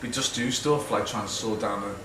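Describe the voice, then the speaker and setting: A man's voice: fairly low pitch, brisk, pushed and bright. Middle-aged Liverpool man, self-mocking storyteller at a talk; recorded far off in a reverberant hall with background noise. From Liverpool, England. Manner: chatty, self-mocking, acts out quotes, laughs often. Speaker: guest speaker. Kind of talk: rambling anecdotal talk to an audience. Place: event hall with a live audience.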